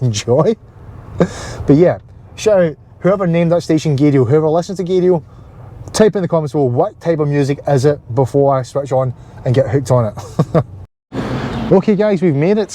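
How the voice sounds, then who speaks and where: A man's voice: mid-range voice, dark tone, a little hiss or hum. A man with a Scottish accent in a casual car vlog to camera, talking in chatty, jokey rants while driving and visiting a dealership. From Scotland. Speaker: car vlogger.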